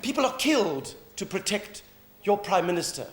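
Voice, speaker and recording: A man's voice: high voice, big pitch swings, normal speed. A middle-aged South African man performing a provocative, mocking stage comedy monologue. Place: live theatre stage. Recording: roomy live stage recording, faint hum.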